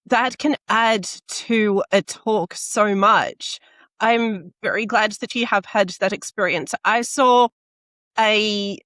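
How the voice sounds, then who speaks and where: A woman's voice: medium pitch, a bit bright, no room sound. A woman hosting a podcast interview, talking conversationally into a close microphone. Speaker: podcast host.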